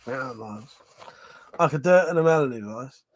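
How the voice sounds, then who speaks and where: A man's voice: mid-range voice, animated, moderate pace. A man hosting a live stream, chatting casually with viewers and laughing often between jokes and swearing.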